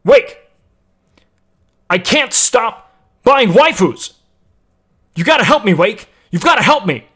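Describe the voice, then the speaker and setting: A man putting on an impression of a young male streamer who talks very loud, with flat, almost robotic words. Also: sits high, slow, long pauses, slightly rough, voice pushed up, full character voice. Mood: pleading.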